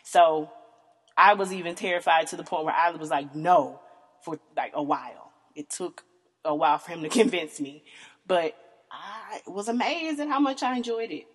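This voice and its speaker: A Southern American woman in her thirties hosts a podcast, telling candid, casual stories in a frank, profane way and laughing often. Her husky voice moves at a moderate pace, leaping high in mock disbelief, with a long reverb tail on the audio.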